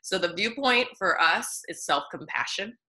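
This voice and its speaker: A woman nutritionist talking in a casual interview, bubbly and animated, laughing often between thoughts. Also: lowish voice, normal speed.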